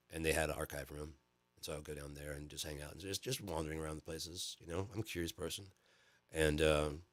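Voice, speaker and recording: Casual male host, very low voice, dry close sound, loose profane rambling. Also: sharp tone, dry recording. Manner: profane, rambling, lots of fillers and repeats. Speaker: channel host.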